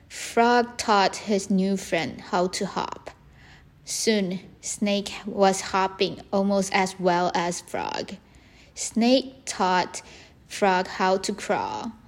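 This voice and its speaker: A woman reads a children's story aloud, gently and with great care. She takes her time over every phrase, keeping her pitch mid-range and even. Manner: slow, gentle, careful reading.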